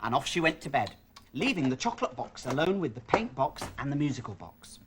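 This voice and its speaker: A woman voicing a patient, friendly puppet storyteller in a children's show, telling the tale with lively character voices. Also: very deep voice, brisk, slight background noise.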